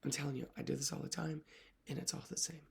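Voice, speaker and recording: A woman's voice: sits low, fairly even intonation, quick pace, vocal fry. A woman literacy coach talking reflectively to camera, earnest and emotional, often dropping her voice to a near whisper.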